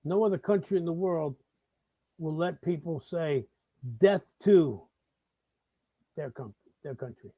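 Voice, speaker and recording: A middle-aged man with a New York accent hosts a live monologue. He swears freely and restarts his sentences in heated bursts. His voice is husky, and the sound is thin and phone-like. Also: fairly high pitch, normal speed, no echo. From the Bronx, New York. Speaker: host. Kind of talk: live talk-show monologue.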